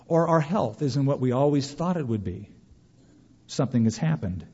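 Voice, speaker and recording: A man preaching a sermon as pastor, animated, with quick mock quotes of others. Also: medium pitch, husky, long reverb tail, lo-fi sound.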